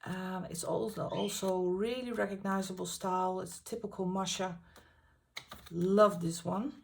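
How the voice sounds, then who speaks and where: Slow, gravelly-voiced woman host. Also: fairly low pitch, steady tone, a little mellow. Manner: enthusiastic, halting with frequent fillers. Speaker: colouring channel host. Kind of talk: casual book flip-through.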